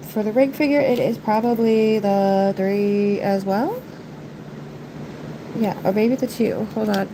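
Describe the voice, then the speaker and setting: A woman's voice: mid-range voice, a little mellow, slight background noise, rough recording. Congested, nasal woman chatting on a live stream. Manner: chatty, rambling, apologetic. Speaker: nail art live-stream host. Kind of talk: casual live-stream chat.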